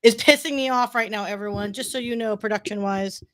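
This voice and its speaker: A woman's voice: a little high, a little fast, fairly bright tone. A woman producer on a livestream, talking frankly and wryly, swearing casually. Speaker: show producer.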